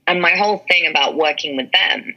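A woman's voice: lowish voice, brisk. A woman from London, an actress and mentor, talking candidly and with emphasis in an interview, laughing often. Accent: London English. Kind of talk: casual interview talk. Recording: dull lo-fi audio.

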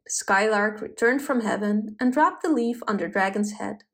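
A woman narrating a folk tale in an expressive, dramatic storybook style. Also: mid-range voice, moderate pace.

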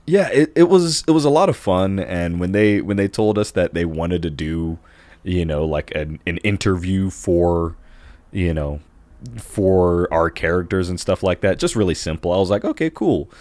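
Low-ish guy rambling on a podcast, tons of "like" and "you know", dry close sound. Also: moderate pace, darkish tone, no room sound. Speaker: podcast co-host and voice actor. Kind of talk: casual chat.

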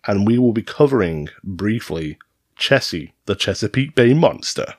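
A man's voice: lowish voice, expressive, moderate pace, no room sound, studio quality. A man hosting a podcast, reading urban legends from a script in a teasing, storytelling manner. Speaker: podcast host. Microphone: studio mic.

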